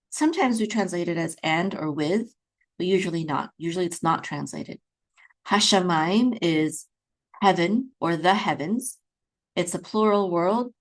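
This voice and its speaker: A woman teaching beginners to read Hebrew, patiently sounding out words and checking in often. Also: on the low side. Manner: patient, repeats words slowly, chants trope melodies; frequent checking "okay?" with fillers. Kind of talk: beginner lesson, slow patient explanation.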